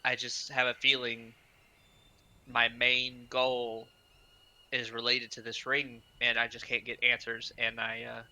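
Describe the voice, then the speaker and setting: A man speaking in character at a tabletop game, with a bright, forceful tone. He halts and restarts often, filling gaps with "uh," over a monotone delivery. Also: mid-range voice, low-quality recording. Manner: hesitant, halting, many fillers. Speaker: player. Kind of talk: in-character tabletop role-play.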